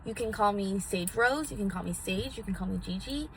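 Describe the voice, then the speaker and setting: A woman's voice: mid-range voice, brisk, slight background noise. A woman vlogging casually from a parked car into a phone, theatrical and swearing freely as she gives self-help advice. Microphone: phone on a magnetic mount.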